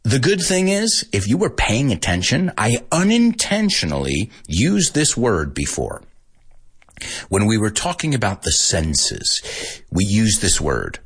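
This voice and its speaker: An American man hosting a casual podcast language lesson, animated and chuckling often as he switches between English and Spanish. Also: lowish voice, a little slow, breathy edge. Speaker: language teacher and podcast host.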